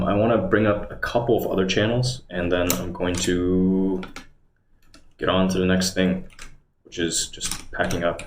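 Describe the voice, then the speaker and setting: Low-voiced man rambling on a livestream. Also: level tone, normal speed. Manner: rambling, muttering to himself. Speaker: live streamer. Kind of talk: casual livestream chatter. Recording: roomy echo with faint background hum.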